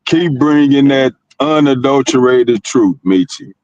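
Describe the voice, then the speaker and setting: A man speaking in as a guest on a live panel, halting and repeating words. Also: medium pitch, a little mellow, dry recording, highs cut off. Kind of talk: casual live-stream chat.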